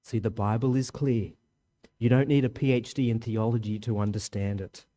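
A man, a parent of a young child, preaching a sermon with strong swings of pitch and volume for emphasis. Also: steady tone, moderate pace, dark tone.

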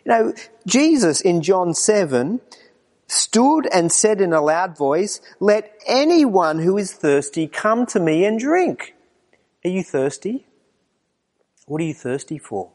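A man preaching a morning sermon, moving between quiet low passages and raised, emphatic lines. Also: sing-song, slow pace. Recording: long reverb of a hall.

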